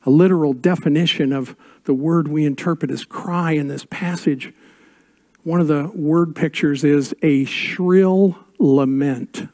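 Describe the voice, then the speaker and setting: An older man preaching a sermon as a pastor, with dramatic pauses and drops to a hush on key words. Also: on the high side.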